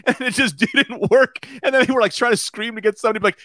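A man's voice: high voice, fairly quick, few pauses, no echo, clean studio sound. A man riffing and telling jokey stories on a comedy podcast. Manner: animated, joking storyteller. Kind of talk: casual comedy podcast banter.

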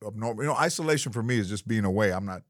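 Halting, rambling man in casual chat. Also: on the low side, lively intonation, dry recording, studio quality. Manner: halting, rambling, with many restarts. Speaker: guest.

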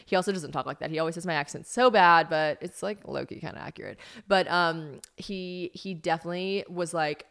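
A woman's voice: lowish voice, a little fast, vocal fry, few pauses, fairly bright tone, clean tone. A young woman from South Carolina, chatting casually and animatedly as host of her solo podcast, swearing freely.

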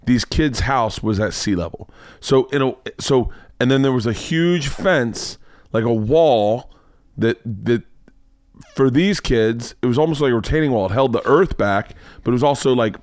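A man hosting a podcast, telling a story in casual chat, profane and animated, acting out the people in it. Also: medium pitch, normal speed, dry recording, clean studio sound. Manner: profane, animated storyteller who acts out voices. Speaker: podcast host.

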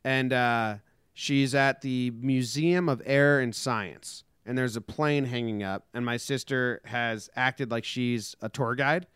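A young man chats and jokes on a podcast, slipping into quick voices for the people in his stories. His voice is smooth and clear, recorded close and dry with no room sound. His pitch sits in an ordinary middle range. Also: steady tone, fairly bright tone, dry recording. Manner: jokey storyteller, acts out quoted people. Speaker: podcast co-host. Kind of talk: casual chat.

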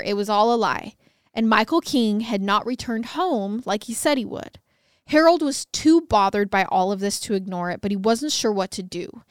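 A woman narrates a true-crime case for a podcast in a conversational tone, slipping in wry little asides. Her voice is smooth and clear and sits at a mid-range pitch. The recording is dry and close, with no room sound. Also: no room sound. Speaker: podcast co-host.

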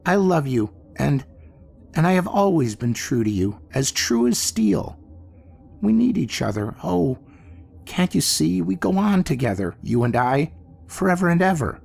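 A man voicing a gentle, devoted middle-aged bank clerk who is a ghost, speaking earnestly and pleadingly. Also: mid-range voice, big pitch swings, normal speed, vocal fry, slightly rough, full character voice. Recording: faint music bed behind.

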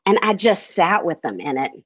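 A woman's voice: fairly low pitch, big pitch swings, normal speed, a bit bright, slightly rough, no room sound. A woman, a counselor and camp director, speaking candidly and reflectively in a podcast conversation.

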